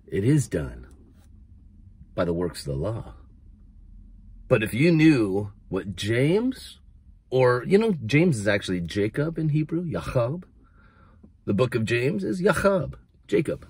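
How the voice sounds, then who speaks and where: A man from the United States preaching a casual video sermon, animated and building to near-shouts on his emphatic points, mocking the voices he quotes. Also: mid-range voice, slow, pauses often, slightly rough, no echo.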